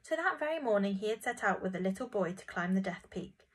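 A woman narrating a children's storybook in a gentle, expressive reading voice. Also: mid-range voice, fast talker, slightly rough, rough recording.

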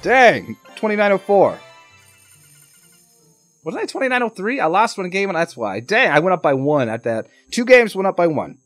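Man, high and very lively voice, excitable play-by-play gaming commentary, faint game music under it. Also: normal speed, no room sound. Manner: excitable, talks to the game and viewers. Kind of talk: live gameplay commentary.

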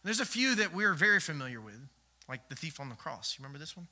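A man preaching a sermon as pastor, swinging from loud emphatic lines to hushed ones and acting out the voices he quotes. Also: fairly high pitch, very animated, fast talker.

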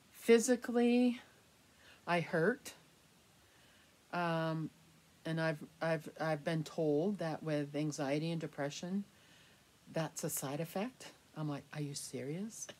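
A middle-aged woman vlogging candidly to the camera, rambling and laughing softly as she talks. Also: low voice. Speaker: reborn doll collector vlogger. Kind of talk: casual chat to camera.

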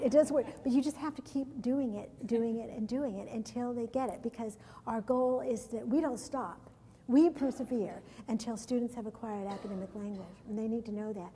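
A woman's voice: on the high side, moderate pace, breathy edge. Woman lecturing in a reverberant hall. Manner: lively anecdotes, laughs often, repeats words. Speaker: education conference speaker. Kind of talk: conference presentation. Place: large conference hall.

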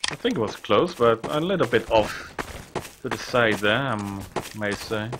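Low-voiced man muttering gameplay reactions. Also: lively intonation, unhurried, background noise. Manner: swears often, mutters reactions. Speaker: gamer playing a multiplayer war game. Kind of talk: casual gameplay commentary. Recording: game gunfire loud behind voice.

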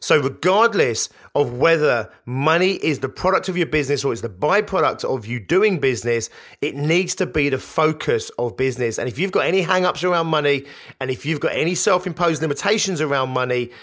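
A man's voice: a little high, expressive, a little fast, fairly bright tone. A man hosting a solo business podcast, coaching listeners in an emphatic, repetitive way. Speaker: podcast host.

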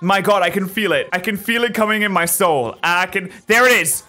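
A man giving excitable, joking gameplay commentary as a gaming YouTuber, yelling at his wins. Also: high-pitched, faint music behind. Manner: excitable, jokey, yells at wins, mock-slow reading.

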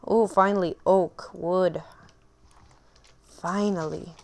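A woman's voice: fairly low pitch, steady tone, takes it slowly. A woman hosting a gaming channel, rambling and self-mocking through casual gameplay commentary.

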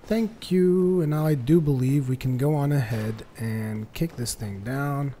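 A man doing joking, sarcastic gameplay commentary, getting excited during fights. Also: medium pitch, a little slow, a little hiss or hum. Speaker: let's play commentator.

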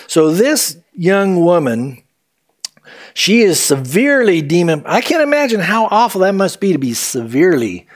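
Man, pastor, sermon, lively rising and falling pitch, slightly high voice. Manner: animated preaching, acts out quotes in voices.

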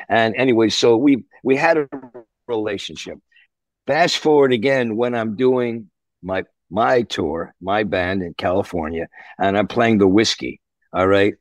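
Animated older man spinning rock stories. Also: fairly low pitch, a little slow, no echo. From Canada. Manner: animated, swears, acts out voices. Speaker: musician guest. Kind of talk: anecdote-telling interview.

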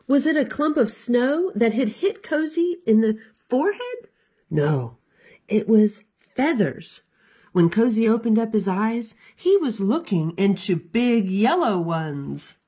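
A woman librarian giving an expressive, sing-song storytime read-aloud for children. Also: a little high, slow, husky.

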